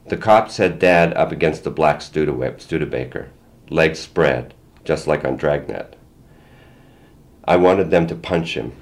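An older man reading his own first-person story aloud in a plain, measured way. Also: rumbling low. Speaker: memoir reader.

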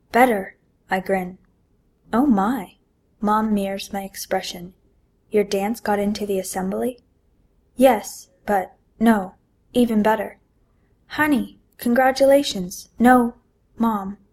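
A young woman from Ontario, Canada, reading her own first-person story aloud, giving the dialogue lively emphasis. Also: mid-range voice.

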